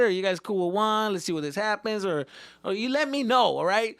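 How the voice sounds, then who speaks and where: A man's voice: high-pitched, a little fast, gravelly, clear, resonant tone, dry recording, clean studio sound. A man hosting his own comedy podcast, telling stories in loose, profane chat that mixes in Spanish words. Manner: animated, swears constantly, mixes in Spanish. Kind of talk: casual profane storytelling.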